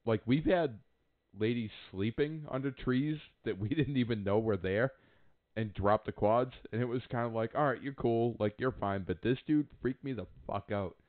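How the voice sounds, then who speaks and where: A man's voice: mid-range voice, normal speed. A man telling stories in a casual podcast chat, swearing freely and acting out what people said. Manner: profane, animated storytelling with acted quotes. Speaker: podcast co-host. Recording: phone-like narrow sound.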